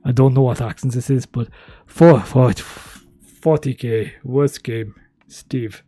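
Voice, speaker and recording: A woman's voice: a bass voice, slow pace, warm tone, no echo, voice pushed down, exaggerated voice. A woman putting on a blunt, grumbling Scottish man's voice with a put-on accent. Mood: grumpy. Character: gruff loud Scottish man who hates a game.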